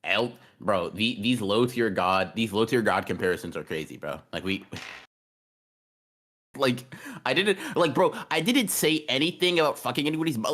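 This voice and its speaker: A man's voice: on the low side, fairly bright tone. A man co-hosting a podcast in a casual livestream chat, rambling and cursing, often repeating his words. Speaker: podcast co-host.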